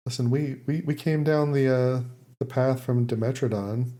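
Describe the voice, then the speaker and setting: A man's voice: medium pitch, a little slow, dark tone. A man co-hosting a podcast, casually recapping an episode with fillers and laughs. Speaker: podcast co-host summarizing the episode. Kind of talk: casual chat.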